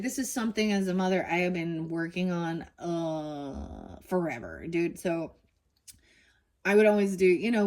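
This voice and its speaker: A middle-aged woman with a somewhat low voice talks through a card reading in an easy, rambling way. She drifts between points and scatters "dude" and "you know" through her talk. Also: a little mellow. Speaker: tarot card reader. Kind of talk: casual card-reading chat.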